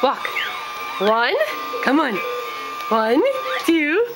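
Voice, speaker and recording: Very high-pitched, sing-song excited mother. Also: very slow, a crowd in the background, background noise. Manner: excited, sing-song, counts the baby's steps aloud. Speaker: mother filming her baby. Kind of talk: home video, baby talk.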